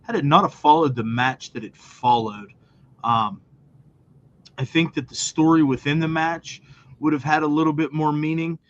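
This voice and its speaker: A man co-hosting a podcast, talking in a measured, casual way with lots of fillers. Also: fairly high pitch, steady tone, muffled recording. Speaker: podcast co-host. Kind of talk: casual chat.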